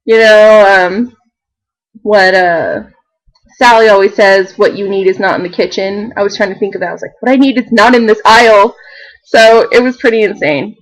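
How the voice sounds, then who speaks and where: A young woman vlogging in a chatty, animated way, full of fillers and laughter. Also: medium pitch, normal speed, rough recording. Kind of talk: casual chat to camera.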